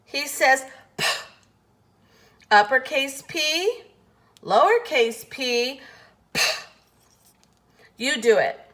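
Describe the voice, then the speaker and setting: A woman with a fairly high voice leads a phonics lesson at a very slow, deliberate pace. She over-enunciates each letter sound patiently and pauses often for the listener to repeat. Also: animated, a bit bright. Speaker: phonics teacher.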